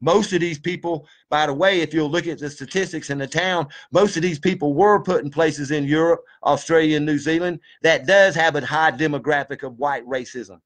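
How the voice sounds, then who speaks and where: A man's voice: a little high, moderate pace, few pauses. A man giving a fired-up, preachy monologue, folksy and full of swearing. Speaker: video commentator. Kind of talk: impassioned monologue.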